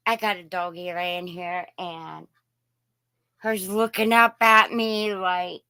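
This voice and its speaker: A woman's voice: lowish voice, steady tone, slow pace, bright, forceful tone, smooth, dry recording. A woman from Indiana hosting a casual live chat, greeting viewers by name in a folksy way. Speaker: live stream host.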